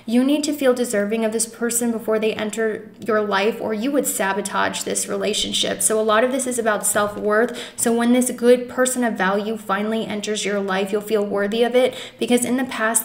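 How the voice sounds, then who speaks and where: Woman, tarot reader, earnest and emotional, reassuring, slightly high voice, echoey room, faint hiss. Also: steady tone, moderate pace, hardly any pauses. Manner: many fillers and restarts, addresses viewers as guys. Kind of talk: pick-a-card tarot reading.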